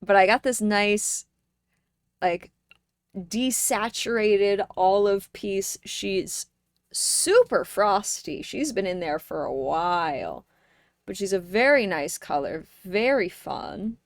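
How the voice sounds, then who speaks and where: A young woman streamer chatting casually with her viewers, playful and joking, with sudden loud bursts. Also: mid-range voice, lively intonation, slow pace, no room sound, studio quality. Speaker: live streamer.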